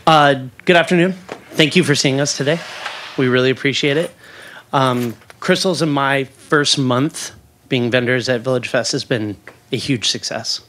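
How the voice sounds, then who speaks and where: Upbeat man pitching to a board. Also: moderate pace, a bit bright, a little hiss or hum. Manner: upbeat, friendly, chatty. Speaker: food vendor presenting to a board. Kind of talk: casual pitch to a meeting.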